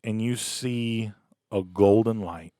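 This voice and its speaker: A man's voice: lowish voice, takes it slowly, dark tone, no room sound, clean studio sound. A man co-hosting a podcast, telling a comic story in casual chat and acting out voices, laughing often. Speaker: podcast co-host.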